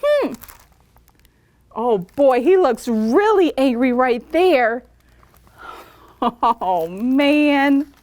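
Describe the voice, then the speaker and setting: A woman's voice: high voice, drawn-out words, long pauses. A woman librarian reading a picture book aloud to children, stopping to ask them questions. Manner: animated, asks kids questions. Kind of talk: children's story time reading.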